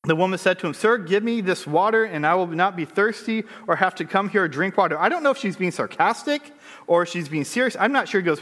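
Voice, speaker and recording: A man's voice: high voice, expressive, brisk, a bit bright. A man preaching a sermon, reading scripture aloud and then unpacking it with conversational asides and rhetorical questions. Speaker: pastor. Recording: long hall reverb.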